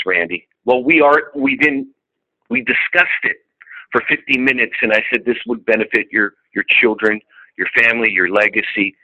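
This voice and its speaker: A middle-aged man tells a group about his sales appointments with a bright, forward voice. He talks casually and swears freely, playing both himself and his customers as he goes. The sound is dull and lo-fi, as if heard through a radio. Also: medium pitch. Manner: candid and profane, acting out both sides of conversations. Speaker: insurance salesman.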